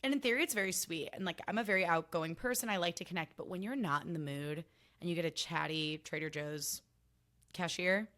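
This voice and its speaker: A young woman hosting her own podcast, chatting casually in an animated, sassy, self-mocking way. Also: lowish voice, brisk. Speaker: podcast host. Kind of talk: casual solo podcast chat.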